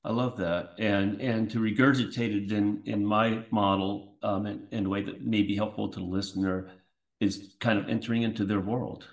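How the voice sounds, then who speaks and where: Low-voiced, thoughtful male podcast host. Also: steady tone, moderate pace, distant mic. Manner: thoughtful, restates and reflects, with small restarts. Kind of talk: interview questions.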